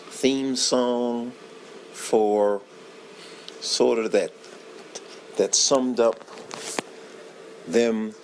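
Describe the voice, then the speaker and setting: A man with a fairly low voice talks very slowly, reminiscing in a casual, heartfelt monologue. He rambles and halts, often losing his thread as he goes. A faint hiss sits under his voice. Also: low-quality recording. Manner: heartfelt, moved by the memory. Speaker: vlogger sharing memories.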